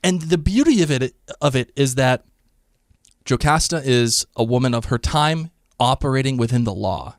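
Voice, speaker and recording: Podcast co-host, male, mid-pitched, animated and chatty, dry close sound. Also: moderate pace, dry recording. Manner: animated, quotes characters in put-on voices. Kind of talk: casual chat about a TV episode.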